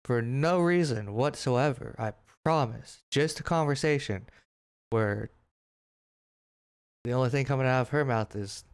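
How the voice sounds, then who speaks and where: A man's voice: medium pitch, measured pace, pauses often, clear, resonant tone. A man giving casual, joking gameplay commentary, rambling and swearing as he reacts to the game. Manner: joking, profane, animated rambling. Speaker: gaming streamer.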